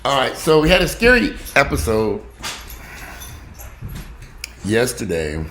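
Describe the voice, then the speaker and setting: A man casually telling a profane, animated story about his dogs in a vlog. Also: medium pitch, slow pace. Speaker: vlogger. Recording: echoey room with faint background noise.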